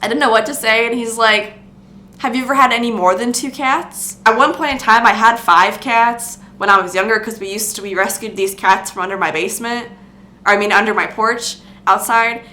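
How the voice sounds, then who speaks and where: A woman's voice: a little high, steady tone, fairly quick, bright, forceful tone, reverberant. A young woman telling a casual storytime vlog about her retail job, rambling with lots of filler words and restarts. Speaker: vlogger recounting retail job.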